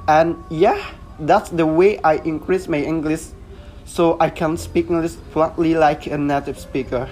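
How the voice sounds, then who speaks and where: A man's voice: a little high, fairly even intonation, darkish tone. Young adult man, earnest student talking about himself, hesitant, light music bed. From Indonesia. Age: 20s. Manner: earnest, halting, with frequent uhs. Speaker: student podcaster. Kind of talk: casual self-introduction monologue.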